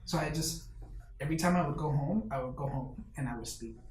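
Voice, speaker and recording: A man's voice: on the high side, fairly quick. A man hosting a podcast, chatting casually and telling self-deprecating stories. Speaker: podcast host. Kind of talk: casual chat. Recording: echoey room, distant mic, faint noise.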